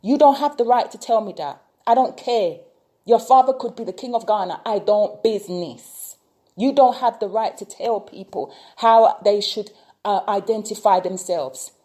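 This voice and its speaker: In this opinion vlog rant, a tarot reader from the UK fires off one rhetorical question after another with real passion. She speaks at a moderate pace, her medium-pitched voice carrying a dark tone.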